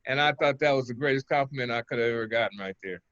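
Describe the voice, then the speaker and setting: Older man guest, relaxed rambling storyteller, dry close mic, muffled lo-fi sound. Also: mid-range voice, very fast, no echo. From Oakland, California. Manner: relaxed, rambling, chuckles between stories. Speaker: interview guest, former pitcher. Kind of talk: casual interview storytelling.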